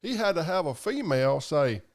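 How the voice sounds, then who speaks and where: A man's voice: a little high, big pitch swings, normal speed. A man hosting a live stream, chatting casually and profanely while reading viewer comments. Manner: rambling, profane, drawling. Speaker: livestream host.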